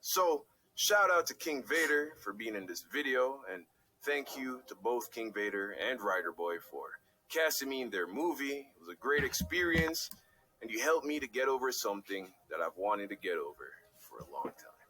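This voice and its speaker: A young man telling a comic, self-deprecating story about himself in an expressive way. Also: mid-range voice, normal speed, low-quality recording. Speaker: storyteller in a watched video. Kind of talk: animated storytelling narration.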